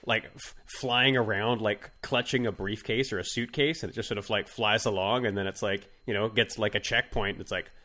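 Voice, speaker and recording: Guy rambling on a podcast, kinda low voice, lots of uh and like. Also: fairly even intonation, sharp tone. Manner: rambling, halting with many fillers and restarts. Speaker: podcast co-host. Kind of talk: casual comedic chat.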